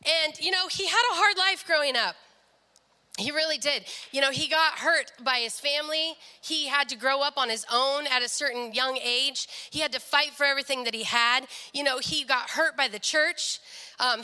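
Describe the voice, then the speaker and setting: A woman's voice: high voice, normal speed, bright, forceful tone, big-room sound. A young woman sharing a personal faith story in an earnest devotional talk, often quoting people in their own voices. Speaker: speaker sharing a testimony.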